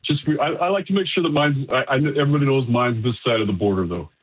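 A man phoning in to a sports show to talk hockey in an upbeat, easygoing way. The line sounds thin and tinny, and his voice has a husky edge. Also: medium pitch, fast talker. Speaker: hockey podcast host, radio guest.

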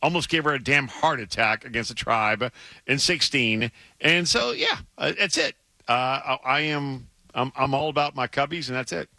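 A middle-aged man with a Southern American accent, co-hosting a sports radio talk show, emphatic and animated, often stammering and restarting. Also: mid-range voice, normal speed, no echo. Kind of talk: casual sports radio banter.

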